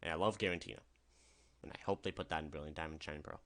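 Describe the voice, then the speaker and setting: His voice is extremely low and a bit bright, with fairly even intonation and a rapid-fire delivery. The young gaming video host rambles cheerfully through casual tier-list commentary, frequently catching and fixing his own words.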